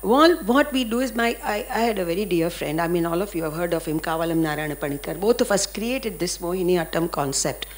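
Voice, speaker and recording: An older woman with an Indian English accent, speaking as a dance guru on a panel, animated and anecdotal. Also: fairly low pitch, a little fast, few pauses. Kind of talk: panel discussion storytelling.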